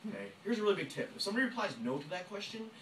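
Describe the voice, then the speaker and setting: A man giving an energetic sales training talk to a room, fast and emphatic, often acting out phone calls. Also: high-pitched, a little hiss or hum. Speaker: network marketing trainer. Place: meeting room with audience. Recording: echoey room, voice from a distance.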